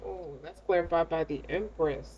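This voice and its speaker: A woman's voice: low-pitched, moderate pace, darkish tone, muffled recording, slight background noise. A woman giving a casual tarot reading in a blunt, slangy, streetwise way. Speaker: tarot reader.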